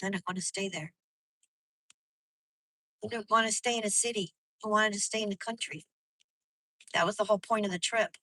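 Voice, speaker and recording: Bright-voiced woman venting while driving. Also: medium pitch, fairly even intonation, moderate pace, long pauses, no echo, low-quality recording. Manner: venting, profane, rambling. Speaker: vlogger live-streaming to viewers. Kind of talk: casual live-stream chat while driving. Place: in a car at night on a highway.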